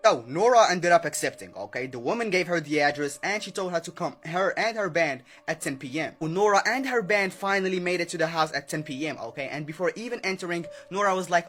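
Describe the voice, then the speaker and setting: A man's voice: high-pitched, fast talker, few pauses, a bit bright, faint music behind. A man telling a creepy story casually, often adding "okay?" and playing out every character's lines himself. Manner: chatty, keeps adding "okay?" and acting out the dialogue.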